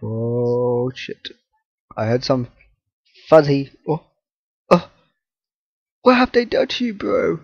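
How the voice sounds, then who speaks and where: A man's voice: medium pitch, very animated, slow pace, gravelly, long pauses, no room sound, muffled recording. A man commentating his own horror game play, jumpy, swearing, laughing and talking to objects in the game. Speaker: gaming channel host.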